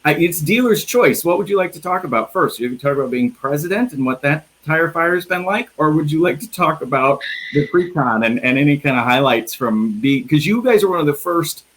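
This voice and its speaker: In a low-quality recording, a Midwestern interview host runs a casual live video-call chat, joking and often starting phrases over. His voice is fairly high and fairly bright, animated and brisk with few pauses.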